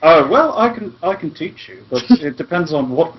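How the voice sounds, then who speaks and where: A man's voice: on the high side, sing-song, normal speed, breathy edge. A man with an Australian accent chatting on a podcast call, goofy and joking, blurting out random phrases. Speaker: podcast guest. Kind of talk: casual call chat. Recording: muffled online call with hiss.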